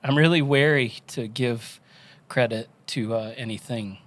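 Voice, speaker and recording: A man's voice: mid-range voice, a little slow. Tearful man telling his faith story. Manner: earnest, animated storytelling with quoted inner voices. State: tearful, crying. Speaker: podcast guest.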